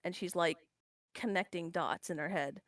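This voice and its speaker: A woman's voice: fairly low pitch, moderate pace, a bit bright, dry recording, clean studio sound. A woman player on a voice call, describing her character's actions in a hesitant, apologetic way.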